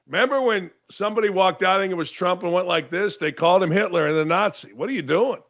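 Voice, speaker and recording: A man's voice: high voice, fast talker, fairly bright tone, no room sound. Sarcastic ranting male talk host, dry sound. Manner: sarcastic, ranting, rhetorical questions. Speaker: sports talk show host. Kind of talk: opinionated commentary monologue. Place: home studio in Florida.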